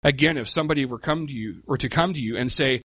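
A middle-aged man preaching a sermon in a conversational way, with rhetorical questions and slow, emphatic pauses. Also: medium pitch, pushed and bright, dry recording, studio quality. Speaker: pastor.

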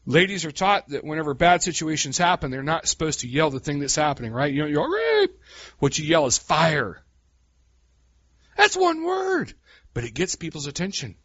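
A man preaching a sermon in a folksy, animated way, calling his listeners "guys" and swinging from quiet asides to loud cries. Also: on the high side, fast talker, hardly any pauses, slightly rough, dry recording, muffled recording.

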